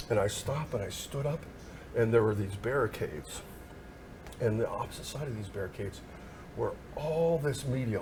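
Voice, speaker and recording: A man who works as a news photographer, telling a lively anecdote in a casual chat on a TV news segment. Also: medium pitch, slight background noise. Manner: animated anecdote teller, acts out quoted voices. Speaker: news photographer and history storyteller. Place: TV news studio.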